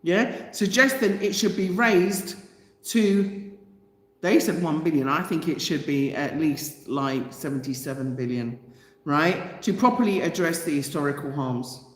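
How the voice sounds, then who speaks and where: Speaking a little slowly in a deep voice, a woman who runs a channel shares a news item and responds to it with fired-up outrage and plenty of rhetorical questions. The tone is casual commentary, and the room is echoey with a long reverb.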